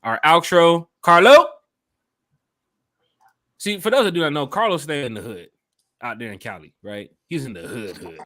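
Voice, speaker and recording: A man's voice: mid-range voice, lively intonation, brisk, fairly bright tone, no echo. A man hosting a casual fan podcast, talking straight to listeners in a loose, upbeat, slangy way. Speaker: podcast host and fan club organizer. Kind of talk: casual chat.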